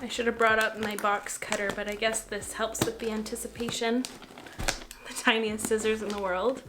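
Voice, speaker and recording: Bubbly, excitable young woman vlogger. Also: fairly high pitch, normal speed, noisy background. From Canada. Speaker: makeup vlogger. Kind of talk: casual beauty vlog chat.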